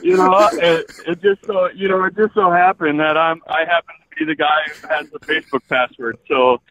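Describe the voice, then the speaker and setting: A man's voice: on the high side, fairly even intonation, brisk, a crowd in the background. A man from Wisconsin with a Wisconsin accent, a boot company spokesman chatting in a casual interview, folksy and easygoing with lots of fillers. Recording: tinny phone line.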